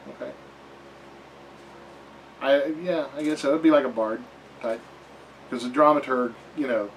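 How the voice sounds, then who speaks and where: A man talks through a tabletop rulebook at an unhurried, meandering pace, filling pauses with ums and dropping dry jokes. His voice sits in a middle register. The mic is a little far away and there is a faint hum of room noise behind him. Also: medium pitch. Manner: slow and rambling, with many fillers and wry asides. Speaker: reviewer of tabletop game books. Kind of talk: casual book review.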